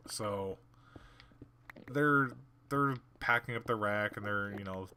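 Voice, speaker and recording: Male gaming host, casual storyteller. Low-ish, forceful voice, blunt and sarcastic, acts out the people in his stories. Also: slow pace, a little hiss or hum. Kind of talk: casual storytelling while playing a game.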